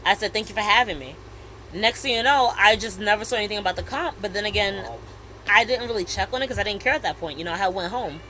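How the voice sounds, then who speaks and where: A woman in her thirties co-hosting a podcast, chatting casually and telling a story with animated retellings of messages. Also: mid-range voice, fast talker, a little hiss or hum, low-quality recording. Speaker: podcast co-host. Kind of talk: casual chat.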